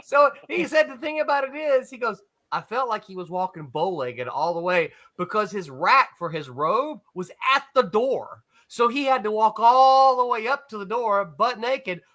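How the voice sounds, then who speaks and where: A man's voice: high-pitched, animated, moderate pace, few pauses, sharp tone. A man, a former comics editor, telling a rambling anecdote in a casual panel chat, with frequent restarts and chuckles. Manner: rambling storyteller, chuckles often, many restarts.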